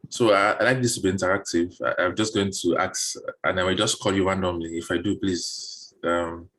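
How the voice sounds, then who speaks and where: A deep-voiced man speaking at a normal pace runs a laid-back online session over video call, walking job seekers through interview questions. He tends to repeat words while gathering his thoughts.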